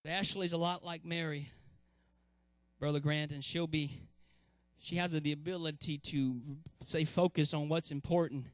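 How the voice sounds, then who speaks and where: A man preaching a sermon, filling pauses with "uh" and swelling to shouted emphasis. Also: fairly high pitch, steady tone, no room sound.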